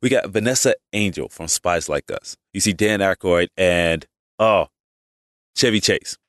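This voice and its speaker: Male podcast host, very low pitch, dry room, loose chatty monologue full of restarts. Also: unhurried, a bit bright, no echo. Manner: rambling, with frequent restarts and asides. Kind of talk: casual opinion monologue.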